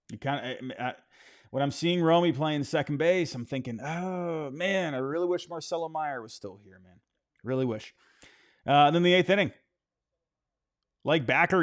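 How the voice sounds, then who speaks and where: A man giving a loose, chatty baseball game recap and betting pitch, with frequent fillers and restarts.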